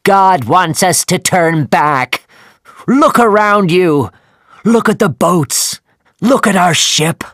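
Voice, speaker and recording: A man's voice: fairly low pitch, steady tone, takes it slowly, gravelly, long pauses, husky, no echo, studio quality, full character voice. A man voicing a ship's first mate who begs his captain to turn back. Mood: pleading. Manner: pleading, urgent.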